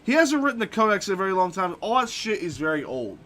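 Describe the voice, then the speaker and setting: A young man chats casually while streaming a game, ranting and swearing freely about books he's read. His voice sits high and sing-song, pushed and bright, and he talks fast.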